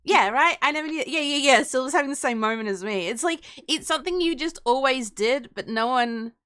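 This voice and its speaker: A woman's voice: sits high, a little fast, fairly bright tone, clear, resonant tone, dry recording, clean studio sound. A woman from Australia chatting casually and laughing often as co-host of a cooking stream. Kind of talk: casual chat.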